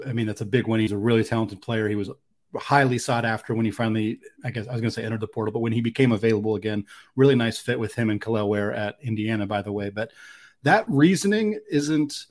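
A man's voice: medium pitch, a little mellow. Musing man in casual sports chat. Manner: thoughtful, musing, many fillers. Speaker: podcast co-host.

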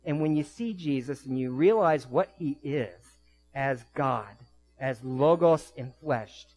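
A man preaching a sermon as pastor, telling vivid stories in quick bursts and slowing down to soft, quiet emphasis. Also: mid-range voice, expressive, faint music behind, low-quality recording.

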